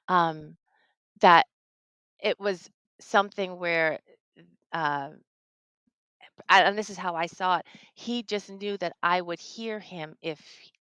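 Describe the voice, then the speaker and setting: A woman's voice: fairly low pitch, fairly bright tone, clear, resonant tone, no echo, rough recording. A middle-aged woman from New Jersey, a tarot reader, telling a personal ghost story in casual conversation.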